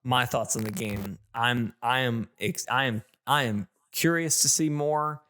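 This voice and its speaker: A man venting on a gaming podcast in a lively, ranting rush, tripping over his words and restarting sentences. His voice sits at an ordinary middle pitch, close to the mic. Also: unhurried, slight background noise. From not British. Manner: animated, ranting, many restarts. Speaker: podcast co-host. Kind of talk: casual gaming podcast chat.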